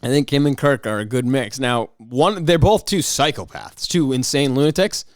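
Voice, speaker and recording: A man hosting a solo podcast, rambling in a casual, excitable way with frequent restarts and mock outrage. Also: medium pitch, moderate pace. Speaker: podcast host.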